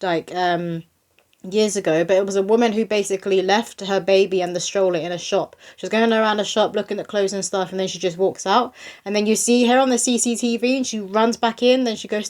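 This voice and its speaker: Young female medium, casual reading voice, breezy, mid pitch. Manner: chatty, breezy, spiritual, with bursts of quoted voices. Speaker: psychic medium. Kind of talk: casual tarot-style reading to camera.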